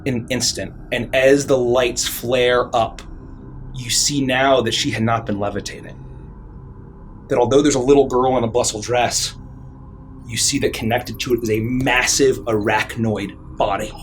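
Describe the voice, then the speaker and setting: A man's voice: mid-range voice, steady tone, unhurried, soft background music. A man narrating as dungeon master, describing scenes vividly with frequent fillers. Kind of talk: narrating a tabletop game.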